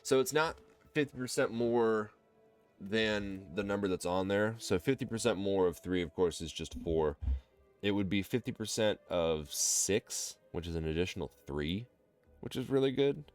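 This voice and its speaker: A man with a Midwestern accent talks through his card game run, explaining each choice to viewers as he thinks it over. His voice is very low and smooth. Soft music plays faintly underneath. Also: normal speed. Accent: American Midwest. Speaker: gameplay commentator. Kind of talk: relaxed let's-play commentary.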